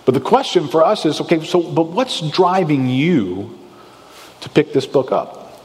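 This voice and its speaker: A man delivering a sermon with a fairly high voice, sounding from a large hall with a long reverb trail. He talks to the congregation like a conversation, firing off rhetorical questions and slipping into anxious inner voices to make his point. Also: animated, a little slow. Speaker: pastor.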